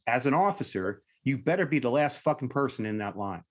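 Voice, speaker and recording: A man's voice: mid-range voice, lively intonation, brisk. A middle-aged man, a retired Army officer, talking bluntly in a casual podcast conversation and telling war stories, swearing and tagging "right?" onto his points. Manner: blunt storytelling, swears freely, keeps asking "right?".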